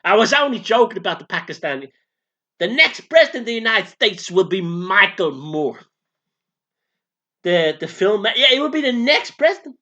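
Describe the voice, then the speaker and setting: A flamboyant, foul-mouthed male spirit of a showman, put on by a man in a comic channeling sketch. The voice sits high and bright, sweeping wildly up and down as he brags and swears. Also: very animated, moderate pace, highs cut off, heavily acted. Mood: boastful. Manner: profane, camp and boastful.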